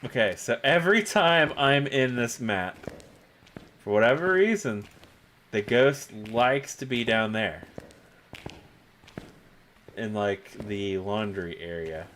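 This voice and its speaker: A man streaming a horror game, chatting about his moves, laughing often and breaking into shouts when things go wrong. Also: fairly low pitch, expressive, slow, pauses often, a little hiss or hum. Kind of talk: live gameplay commentary.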